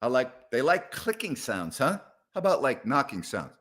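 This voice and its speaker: A middle-aged man hosts a live sports talk show from inside a house, rambling in a sarcastic, exasperated way as he talks back to viewers. His voice sits at an ordinary pitch for a man. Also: big pitch swings, moderate pace, a bit bright. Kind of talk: live call-in show chat. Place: house, indoors.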